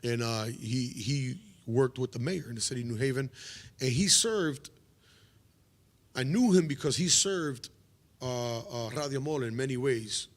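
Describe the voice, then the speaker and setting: Man, 50s, pastor; testimony storyteller, mid-pitched voice, hesitant but animated. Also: unhurried. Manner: animated, acts out dialogue, frequent hesitations.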